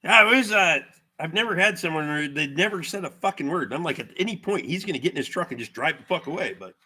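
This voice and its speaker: A man's voice: on the high side, lively intonation, fast, bright, forceful tone, husky. A middle-aged man hosting a livestream, telling rambling, profane stories and reading viewer comments aloud. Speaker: livestream host. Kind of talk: casual storytelling chat with viewers.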